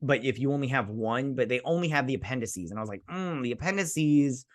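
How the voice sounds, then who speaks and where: A man's voice: medium pitch, fast talker, dry recording. Male host, casual rambling review, sarcastic asides, dry close sound, mid-range voice. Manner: rambling, sarcastic, acts out characters. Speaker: show host reviewing a TV episode.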